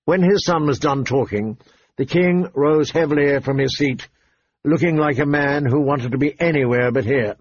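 A man's voice: fairly high pitch, normal speed, breathy edge. Male audiobook narrator, dull recording. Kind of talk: scripted narration. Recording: dull, faintly noisy recording.

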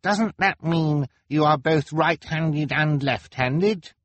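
A man's voice: fairly high pitch, takes it slowly, a bit bright, no echo, pitched above the performer's own voice. A man voicing a clever young boy with a raised, precise, bookish delivery. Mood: eager.

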